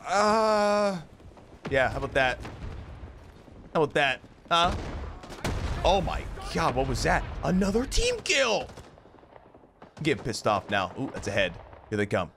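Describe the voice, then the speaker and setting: A man talks over his gameplay at an unhurried pace, with a lively voice that jumps from low mutters to high yells. He jokes and swears as he plays. Gunfire and explosions from the game boom clearly behind him. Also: a little hiss or hum. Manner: excitable, swearing, jokey, big swings between yelling and mumbling. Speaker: gaming YouTuber. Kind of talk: live gameplay commentary.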